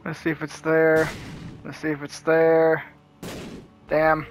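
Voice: mid-range voice, monotone, slow, a little hiss or hum. A gameplay commentator talking through a hard run in casual let's-play style, nervous and muttering reactions with frequent swearing.

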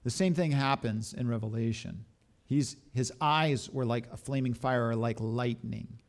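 A man preaching a sermon as a pastor, animated and full of rhetorical questions. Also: mid-range voice, measured pace, gravelly.

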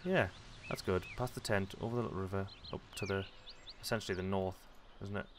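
A man's voice: sits low, fairly even intonation, fairly quick, noisy background. A man giving casual gameplay commentary, chatty and self-mocking, often muttering to himself as he plays. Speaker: let's play commentator.

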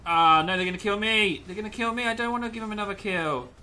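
A man's voice: sits high, fast talker, bright, forceful tone. A young man commentating gameplay with a lot of energy, yelping, laughing and slipping into pirate growls.

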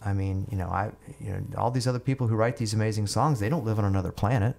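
A man's voice: on the low side, quick pace, gravelly, a little mellow. A middle-aged man, a guest musician, telling stories casually and often repeating and restarting words. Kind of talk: casual storytelling.

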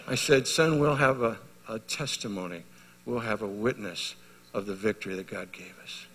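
A middle-aged male pastor preaching a sermon, telling stories and moving from loud exhortation to hushed intensity. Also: on the low side, normal speed, slight background noise. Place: large hall at a men's retreat. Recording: live sermon in a reverberant hall.

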